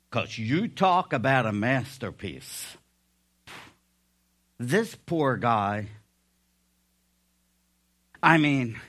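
A man preaching a sermon, animated and often laughing, rising to loud emphatic peaks. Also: mid-range voice.

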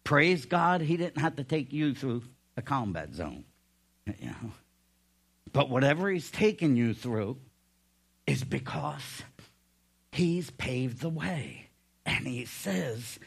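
A male pastor preaching a sermon, telling stories with folksy humor in an animated way. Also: medium pitch, slow, creaky, long pauses, breathy edge.

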